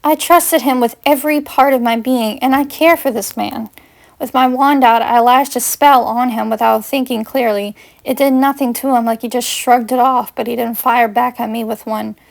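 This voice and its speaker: Gravelly woman reading fanfiction aloud. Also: on the high side, steady tone, normal speed. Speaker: fanfiction reader.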